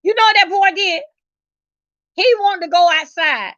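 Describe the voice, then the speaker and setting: A middle-aged woman tells family stories with animated, emphatic energy and plenty of cursing. Her voice sits high and sounds sharp and bright. The recording is dull and lo-fi. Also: normal speed, no echo. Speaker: vlogger. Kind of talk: casual storytelling.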